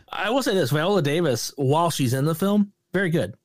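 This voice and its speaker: A sarcastic man riffing through a casual podcast movie review, now and then mimicking characters in goofy voices. His voice sits a bit high, recorded close and dry with no room sound. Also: expressive, normal speed, dry recording. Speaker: podcast co-host.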